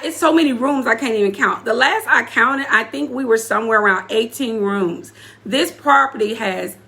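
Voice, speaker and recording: A woman with a somewhat high, creaky, bright voice and forceful tone gives an emotional personal testimony as an apostle and community leader. Preaching straight to her live audience, she repeats key phrases for emphasis.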